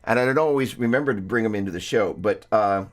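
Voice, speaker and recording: A man's voice: on the low side, fast. A man hosting a casual live-stream guitar lesson, rambling and chatty, breaking off mid-sentence to greet viewers. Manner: rambling, self-interrupting, chatty.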